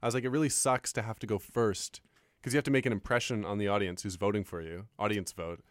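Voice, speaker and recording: Male comedian co-host, quick and animated, dry studio sound. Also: fairly low pitch, no echo. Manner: animated storytelling, acts out quotes. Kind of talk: casual radio chat.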